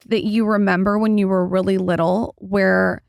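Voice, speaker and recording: A woman's voice: mid-range voice, little pitch movement, normal speed, vocal fry, no echo, clean studio sound. A woman hosting a podcast, asking curious, encouraging questions in a casual chat. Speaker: podcast host. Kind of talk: casual interview. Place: podcast studio.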